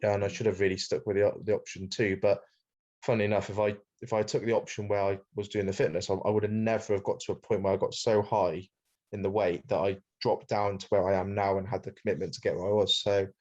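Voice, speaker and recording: A Welsh man with a lowish, fairly monotone voice, chatting casually as a podcast guest. He talks freely, with some restarts, and says "mate" often. The recording sounds dull and lo-fi. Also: quick pace. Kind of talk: casual interview chat.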